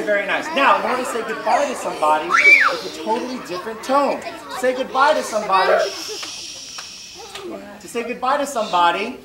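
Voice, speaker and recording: A male comedian on a live stage, barking out instructor commands and swooping through exaggerated, sing-song tones. His voice sits fairly high and leaps all over the place. He is picked up from a distance in an echoey venue, with a loud crowd behind him. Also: very noisy. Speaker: stand-up comedian. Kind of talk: stand-up comedy with audience participation.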